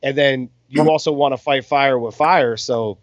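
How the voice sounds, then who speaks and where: A mid-range voice with fairly even intonation comes from a man co-hosting a casual boxing podcast in his Las Vegas home, talking at a normal speed. He commentates on fights over beers in a sweary, easygoing way, and the recording is dry, dull and lo-fi.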